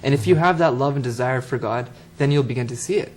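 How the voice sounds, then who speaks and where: A man's voice: mid-range voice, fast talker, a little mellow. A man in a casual spiritual talk, thoughtful and explaining with everyday examples. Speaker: co-speaker on spirituality.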